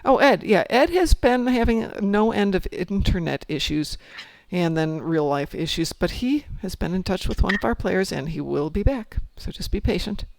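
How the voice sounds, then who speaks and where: A man's voice: high-pitched, expressive, normal speed, vocal fry, hardly any pauses. A man hosting a casual gaming stream, chatting with his group and answering chat messages in a rambling, friendly way. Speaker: streamer host.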